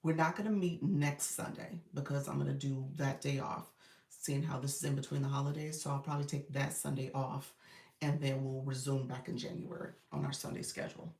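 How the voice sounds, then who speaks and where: A woman's voice: rumbling low, fairly even intonation, brisk, a little mellow. A woman coach chatting casually on a live stream, loose and talkative with lots of fillers. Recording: roomy, distant phone audio.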